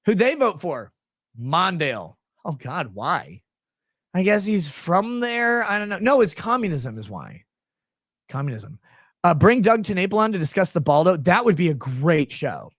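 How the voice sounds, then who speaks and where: Reading super chats on his livestream, a young man from Minnesota rambles, jokes crudely, and leans on frequent fillers. He has a high, sing-song voice at normal speed, recorded with studio quality and no echo.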